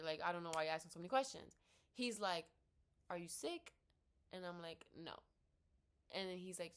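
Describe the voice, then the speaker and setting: A woman's voice: mid-range voice, a bit bright. A young woman telling a story in a casual rant, blunt and swearing freely, acting out both sides of a conversation. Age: young adult. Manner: blunt, swears freely, quotes herself and others in quick dialogue. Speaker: vlogger. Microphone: laptop built-in mic.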